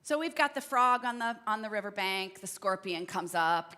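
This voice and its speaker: A woman leading a church service, telling a fable gently and asking her listeners questions. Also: medium pitch, expressive, moderate pace, few pauses. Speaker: worship leader. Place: church sanctuary. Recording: church hall reverb.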